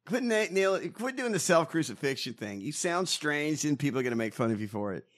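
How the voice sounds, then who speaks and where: Animated, blunt, mocking man. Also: a little high, a little fast. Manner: blunt, mocking, heavy swearing. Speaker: podcast host. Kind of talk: casual, profane political chat.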